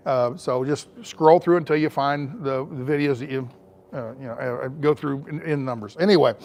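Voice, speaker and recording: An older man with a drawl chats casually outdoors, greeting viewers one by one and wandering off on tangents. His voice sits a touch higher than most men's, and he fills every pause with uhs. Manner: rambling, drawling, lots of uh fillers. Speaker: vlogger reading live chat. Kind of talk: casual live-stream chat.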